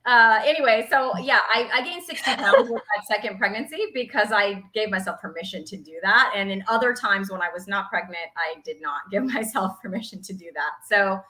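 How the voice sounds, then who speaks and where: A woman in her forties co-hosting a casual livestream chat, chatty and quick to laugh. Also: medium pitch, pushed and bright, poor audio. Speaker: livestream co-host.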